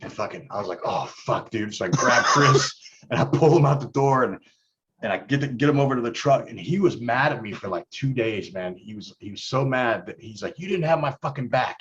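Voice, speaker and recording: A man's voice: mid-range voice, fairly quick, a bit bright, highs cut off, a little hiss or hum. A man telling a long bar anecdote in a casual chat, swearing a lot and chuckling as he goes. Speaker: guest.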